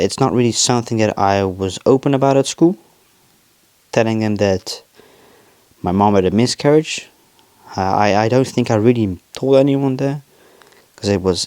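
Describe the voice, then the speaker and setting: A young man hosting his own podcast, talking in a rambling, confessional way with lots of swearing and halting restarts. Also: fairly low pitch, darkish tone, no echo. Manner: confessional, emotional. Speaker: podcast host. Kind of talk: casual personal monologue.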